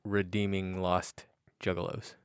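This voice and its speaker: A man with a low voice trades crude, playful jokes in a casual podcast chat about comics. His voice sits close and dry, with no echo. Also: flat delivery, unhurried, clean tone. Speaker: podcast co-host.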